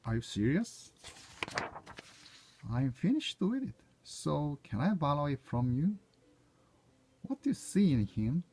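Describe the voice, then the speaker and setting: A man's voice: mid-range voice, a little mellow, slight background noise. A man whose first language is Korean, reading short everyday English dialogue lines aloud one by one to proofread them, sometimes correcting himself. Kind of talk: reading practice phrases aloud.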